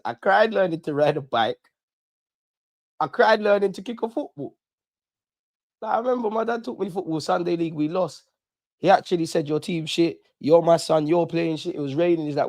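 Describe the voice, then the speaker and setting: A man's voice: on the high side, a little mellow, no echo, clean studio sound. A young man, chatting casually and animatedly on a live fan stream, full of slang. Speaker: fan channel host.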